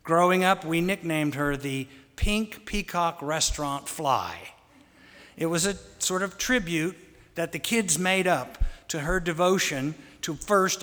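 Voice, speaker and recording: A man telling fond, gently humorous family stories in a sermon. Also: on the high side. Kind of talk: anecdotal storytelling sermon. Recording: long hall reverb.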